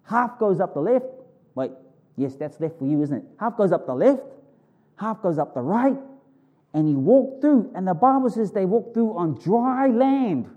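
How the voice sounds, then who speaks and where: A pastor preaching a sermon in an informal, animated way, telling stories vividly and breaking off for quick self-corrections. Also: male voice, phone-quality sound. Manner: animated, vivid storytelling with sudden high exclamations.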